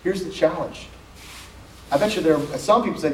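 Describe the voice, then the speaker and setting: A man with a somewhat high voice gives a casual camp sermon, reading scripture and breaking off for jokes. He sounds far from the microphone in a roomy, echoing hall, with a faint hiss of noise underneath. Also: moderate pace. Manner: joking, conversational, reads scripture aloud with asides. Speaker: camp speaker.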